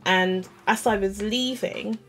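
A woman chats straight to camera in a casual storytime vlog. She is animated and self-mocking, keeps saying "like," and acts out the back-and-forth of a conversation. Her voice sits at an ordinary mid pitch, and faint music plays underneath. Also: takes it slowly. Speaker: vlogger.

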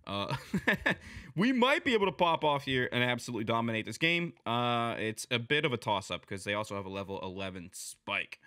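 Recorded with smooth, dry, studio-quality sound, this young gaming video creator talks fast and chattily through live commentary on his own match. His voice lurches from low mumbles to loud shouts aimed at teammates.

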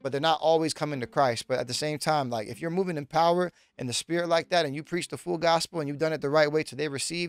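Brief: male pastor, sermon-style teaching, emphatic and repetitive, fairly high voice, dry close mic. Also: quick pace, hardly any pauses, clean tone, dry recording. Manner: emphatic, repetitive, direct address to listeners.

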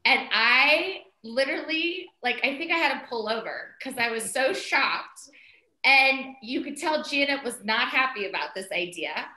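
A middle-aged woman telling a story in casual conversation, animated and chatty, full of "like" and "um" fillers as she quotes herself. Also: high-pitched, measured pace. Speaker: interview guest, mother of the co-founder. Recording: roomy echo.

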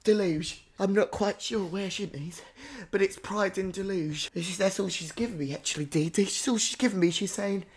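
A woman hosting a comedy podcast, playing a psychic with theatrical calls and hushed whispers. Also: medium pitch, normal speed, few pauses, breathy edge. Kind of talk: improvised comedy psychic reading.

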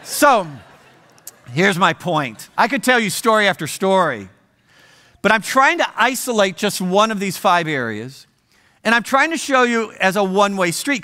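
A high-pitched, bright and forceful voice belongs to this Ohio man in his sixties. He's a guest telling a story in a church auditorium as part of a funny sermon, with joking asides for the congregation.

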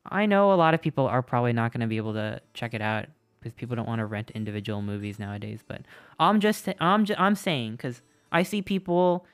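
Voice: mid-range voice, brisk, smooth, no room sound. A live streamer chatting casually with viewers at a home setup, in a playful, rambling way with lots of restarts.

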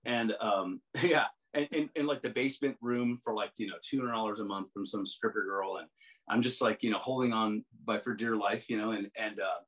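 A man's voice: fairly low pitch, a little fast, fairly bright tone, poor audio. A middle-aged man telling long, rambling stories as an interview guest, with many restarts, often mimicking other people's voices. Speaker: musician guest. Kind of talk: casual storytelling interview.

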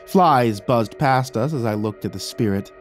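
A man narrating a scripted horror story in a measured, dramatic storytelling way. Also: medium pitch, soft background music.

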